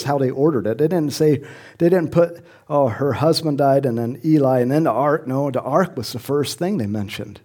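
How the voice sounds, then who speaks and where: A man's voice: fairly high pitch, mellow. Middle-aged guy giving a sermon, chatty and chuckly, voice climbs when he asks questions. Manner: conversational preaching with chuckles and rising emphatic questions. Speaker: pastor.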